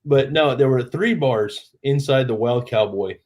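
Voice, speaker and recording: A man hosting a live stream, telling a long, rambling story in a relaxed, self-deprecating way and acting out the lines of the people in it. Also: mid-range voice, unhurried.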